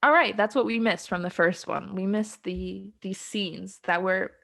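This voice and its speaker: A woman's voice: medium pitch, fairly even intonation, a little slow, vocal fry, fairly bright tone. A young adult woman co-hosting a podcast, casually recapping a film plot in a rambling way, with lots of ums and frequent giggles. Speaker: podcast co-host. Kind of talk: casual chat.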